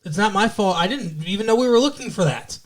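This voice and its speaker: A man's voice: high voice, expressive, fast, voice pushed up. A man voicing a defiant young male vampire in a casual, offhand retelling, barely changing his own voice. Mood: defensive.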